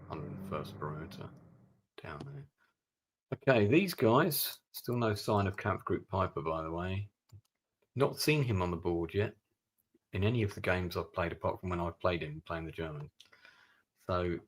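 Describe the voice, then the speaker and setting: A man's voice: sits low, breathy edge. A man streaming a strategy game, giving gameplay commentary and thinking aloud with muttered asides.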